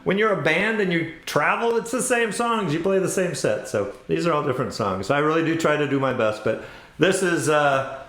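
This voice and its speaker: A man's voice: on the high side, a little fast. A man hosting an online ukulele play-along, chatting casually and self-deprecatingly with viewers between songs. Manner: relaxed, self-deprecating, chuckles often. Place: home room with ukulele. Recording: roomy echo with loud ukulele. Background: ukulele playing.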